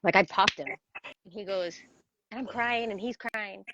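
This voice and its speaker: A woman in her thirties, a parenting coach, talking casually as an interview guest and telling animated stories. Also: medium pitch, measured pace, background noise. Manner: animated storyteller, laughs often, acts out voices. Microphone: video call. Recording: dry, dull video-call audio.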